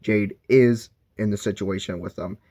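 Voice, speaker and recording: A man's voice: fairly low pitch, steady tone, moderate pace, dark tone. Rambling young-sounding man reviewing a book. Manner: rambling, filler-heavy, self-correcting.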